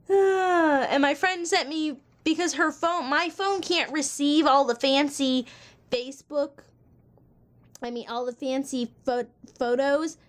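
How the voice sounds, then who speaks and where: A woman's voice: sits high, steady tone, slow. A woman in her twenties talking casually to the camera in a vlog, chatty and exasperated, laughing between lines. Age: 20s. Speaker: vlogger.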